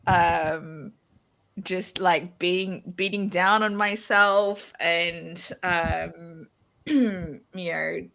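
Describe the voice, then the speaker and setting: A woman hosting a podcast in a casual chat, slow and thoughtful, laughing often. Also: lowish voice, steady tone, gravelly, a bit bright, poor audio. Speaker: podcast host.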